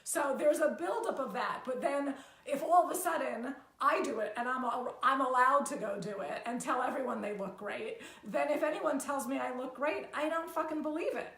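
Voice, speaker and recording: A woman's voice: high voice, moderate pace, a bit bright. A woman co-hosting a live talk, candid and laughing easily as she explains her view. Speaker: co-host, coach. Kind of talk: live-streamed casual talk. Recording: echoey room.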